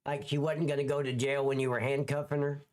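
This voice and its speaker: A man's voice: mid-range voice, level tone, fast, darkish tone. A man, a former police officer, giving blunt, profane commentary over clips in a casual livestream, dragging out words for emphasis.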